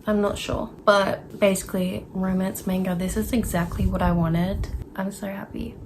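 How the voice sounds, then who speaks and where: A woman's voice: mid-range voice, noisy background. A woman vlogging about books in a casual, chatty and enthusiastic way, sometimes rambling. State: a bit out of breath. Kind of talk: casual chat.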